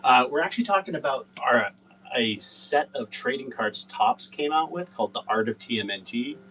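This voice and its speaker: A man's voice: mid-range voice, lively intonation, normal speed, bright, forceful tone, far from the mic, a little hiss or hum, rough recording. A man hosting a casual livestream, rambling and cursing with lots of fillers. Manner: rambling, profane, filler-heavy. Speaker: livestream seller host.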